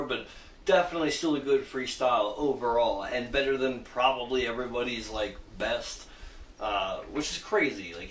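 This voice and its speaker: Excitable man reacting in a roomy space. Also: medium pitch, far from the mic. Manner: excitable, swears, many fillers. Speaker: reaction video host. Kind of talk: casual reaction commentary.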